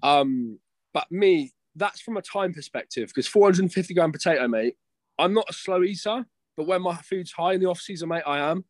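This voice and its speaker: Young man, rapid rambling chat, sweary, fairly high voice, dry close sound. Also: lively intonation, no room sound. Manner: rambling, sweary, peppers speech with "mate" and "bro". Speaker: guest, competing bodybuilder. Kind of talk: casual chat.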